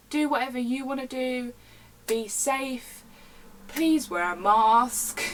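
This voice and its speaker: A young woman, telling retail storytimes in a casual and indignant rant on her vlog. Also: mid-range voice. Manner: animated, indignant ranting. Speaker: vlogger. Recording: slightly distant mic with faint background hiss.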